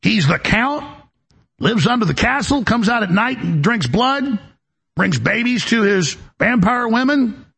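A man's voice: sits high, sing-song, unhurried, gravelly, fairly bright tone, slightly rough. A male talk show host delivering an emphatic, rambling political monologue, often repeating words as he goes.

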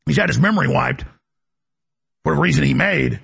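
A man hosting a talk show, delivering a rambling, emphatic monologue in a gravelly, raspy voice. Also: on the high side, brisk, fairly bright tone. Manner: emphatic, boastful, jumps between topics.

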